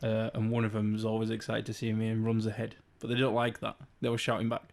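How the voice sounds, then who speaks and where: A young man from England co-hosting a podcast, easygoing and quick to laugh as he tells stories. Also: lowish voice, completely flat delivery, vocal fry, darkish tone. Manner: laughs often, easygoing, trails off. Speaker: podcast co-host. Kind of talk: casual chat.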